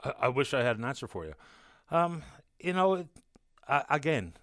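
A man hosting a call-in radio show, answering a caller in a measured, sympathetic, reasoning way. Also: mid-range voice, big pitch swings, fairly bright tone, no echo, studio quality. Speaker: radio host. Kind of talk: talk radio commentary.

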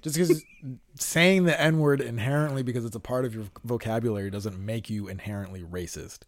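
A man's voice: mid-range voice, brisk, crowd noise. A man co-hosting a casual comedy chat, laid-back and teasing, telling stories as he talks. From Mexico (heritage). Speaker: podcast co-host.

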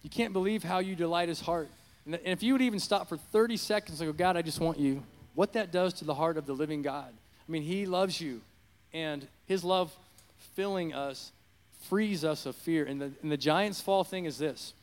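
A man preaching an improvised sermon into a handheld mic in a church, rambling and growing fervent and loud. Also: a little high, moderate pace, in a large hall. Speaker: pastor. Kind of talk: unscripted sermon. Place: church sanctuary. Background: worship music.

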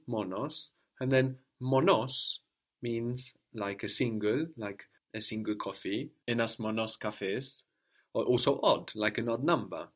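A man's voice: lowish voice, fairly bright tone. A man teaching a spoken language lesson, explaining patiently step by step and prompting a student to answer.

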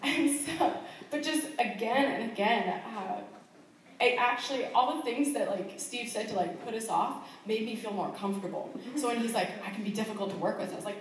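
This missionary woman talks at a moderate pace in a slightly high voice, sharing her calling in a chatty testimony full of fillers and laughter. A little hiss or hum sits under the recording, made in a church hall that echoes heavily, with the mic far away.

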